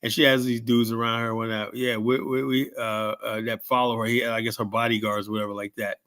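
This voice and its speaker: A man's voice: mid-range voice, little pitch movement, brisk, a bit bright. A man in his fifties telling rambling stories in casual talk, swearing freely and full of fillers and restarts. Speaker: show host telling stories.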